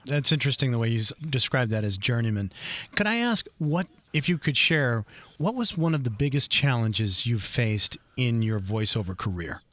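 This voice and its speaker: Male interviewer, lively pitch, bright tone, friendly and easy-laughing. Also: moderate pace, few pauses. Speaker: podcast host, interviewer. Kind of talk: casual interview questions.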